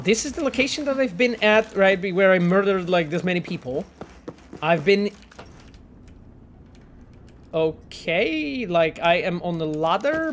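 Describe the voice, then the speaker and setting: Male game streamer, high-pitched, animated and profane, faint game sound underneath. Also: a little hiss or hum. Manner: animated, swears often, thinks aloud with many fillers. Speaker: game developer streaming gameplay. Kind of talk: casual livestream commentary.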